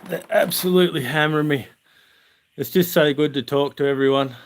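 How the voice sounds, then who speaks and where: A man's voice: a little high, a little fast. An Australian man, the channel host, chatting on a livestream from outdoors at night and laughing through funny camp stories. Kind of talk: casual livestream storytelling.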